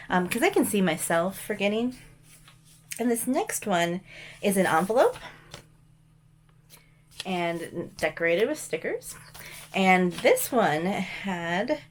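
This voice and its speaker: A woman's voice: medium pitch, big pitch swings, measured pace, long pauses. A woman chatting casually as she shows mail and thrift finds, rambling with frequent ums and restarts. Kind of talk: casual show-and-tell chat.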